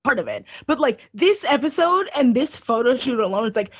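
A woman co-hosting a casual recap chat, chatty and full of quick asides. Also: big pitch swings, slightly rough. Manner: chatty, quick asides, mimics people in high voices. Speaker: podcast co-host. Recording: dull lo-fi audio.

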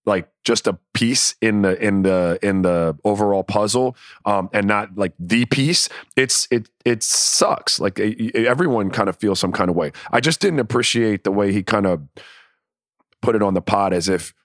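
A man's voice: on the low side, moderate pace, no echo, clean studio sound. A man co-hosting a sports podcast, giving earnest opinions with stammered restarts. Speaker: podcast co-host. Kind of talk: casual sports chat.

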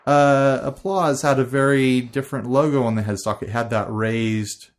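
A man co-hosting a guitar podcast in loose, casual chat. He rambles a little, with fillers and quick laughs between points. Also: medium pitch, fairly even intonation. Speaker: podcast co-host.

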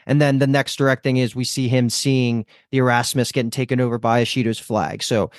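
A man's voice: mid-range voice, level tone, fairly quick, no echo, studio quality. Chatty man hosting a podcast. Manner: chatty, swears casually, rambling. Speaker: podcast host. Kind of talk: casual show discussion.

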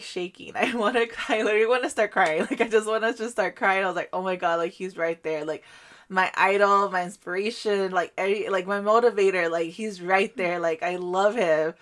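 Young woman, guatemalan family, casual chat, says like a lot, animated storyteller, laughs a lot. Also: mid-range voice. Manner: animated storytelling, heavy use of "like", frequent laughter.

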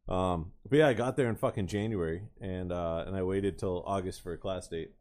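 A man's voice: sits low, fairly quick, a little mellow. A man on a podcast telling a story in a casual, offhand way, swearing freely. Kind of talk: casual chat.

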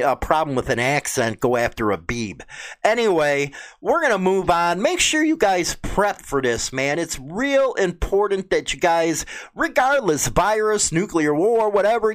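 A man with a Chicago accent who swears constantly, reads out news and angrily mocks it. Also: high-pitched. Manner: crude, indignant, swears a lot. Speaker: vlogger. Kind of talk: profane political rant.

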